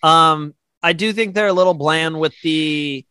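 A man with a fairly high voice chats casually as a podcast co-host. He is easygoing, laughs often and restarts his sentences. The sound is close and dry, with no room around it. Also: a little slow, pushed and bright, clean tone, dry recording. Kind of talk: casual chat.

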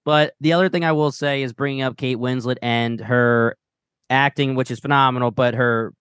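A man with a Philadelphia accent co-hosting a podcast, telling stories in an animated, casual way. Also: medium pitch, moderate pace, smooth, no room sound. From Delaware County, Pennsylvania. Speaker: podcast co-host.

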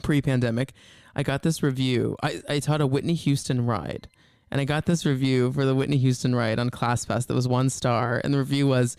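Male podcast co-host, smooth resonant voice, dry close mic, chatty, laughs often. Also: medium pitch, fairly even intonation, a little fast, darkish tone, dry recording. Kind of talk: casual chat.

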